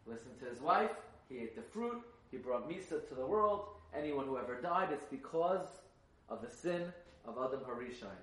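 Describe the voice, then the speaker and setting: A man's voice: mid-range voice, expressive, normal speed, fairly bright tone. A man giving a sermon as a rabbi, asking emphatic rhetorical questions and rising into fervent chanting of texts. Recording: echoey, from a distance.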